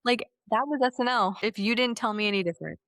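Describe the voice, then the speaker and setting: Woman, podcast co-host, casual chat, profane, animated, dry close sound. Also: fairly high pitch, quick pace, no echo. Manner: animated, profane, laughs often, acts out quotes.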